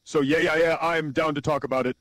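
A man's voice: fairly high pitch, fairly even intonation, fast talker, a bit bright, no room sound, natural voice, rough recording. A man voicing a laid-back young man who can teleport, answering as a guest on a mock radio show in an easygoing, upbeat way.

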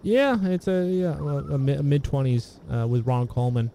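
A man's voice: medium pitch, expressive, normal speed, creaky, warm tone, a little hiss or hum. A man chatting casually about old films, rambling with many restarts and fillers. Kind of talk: casual film discussion.

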